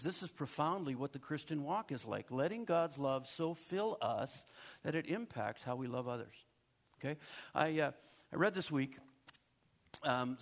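A middle-aged male pastor delivers a conversational sermon, dropping in asides and quickly checking in with the congregation. His voice is on the high side.

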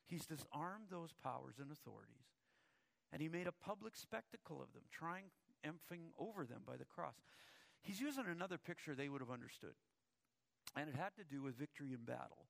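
A man's voice: fairly high pitch, lively intonation, fairly quick, gravelly, fairly bright tone. A male pastor preaching a sermon, telling a story and often repeating words as he starts a thought.

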